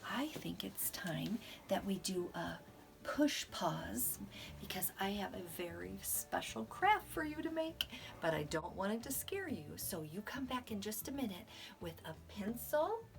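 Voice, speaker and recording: A middle-aged woman teaching young children, animated and sing-song, sometimes dropping to soft whispers. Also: medium pitch, measured pace, vocal fry, faint music behind. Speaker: preschool teacher. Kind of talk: children's lesson and storybook read-aloud.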